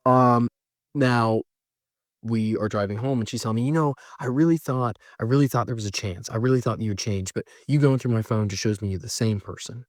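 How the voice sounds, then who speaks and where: A man telling a personal story in a casual, animated way, mocking himself and jumping high when exasperated. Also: a little fast, no room sound, clean studio sound. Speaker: storyteller recounting a breakup.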